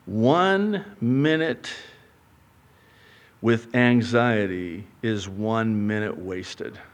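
A man preaching a sermon, swinging from loud urgent appeals to hushed asides and acting out little dialogues, with frequent casual fillers. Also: fairly low pitch, very slow. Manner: conversational asides with many fillers. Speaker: pastor.

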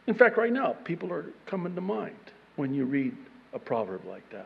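A man preaching a sermon on proverbs, animated and self-deprecating, often restarting his sentences. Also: high voice, normal speed, vocal fry, slightly rough, long reverb tail, muffled recording. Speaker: pastor.

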